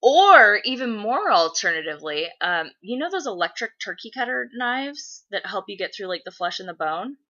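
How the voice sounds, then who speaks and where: Through a muffled recording, a young woman talks to camera with a mid-range voice at a moderate pace, rarely pausing. She's animated and profane as she shares a childhood story and responds to viewer questions, imitating the voices of those in it.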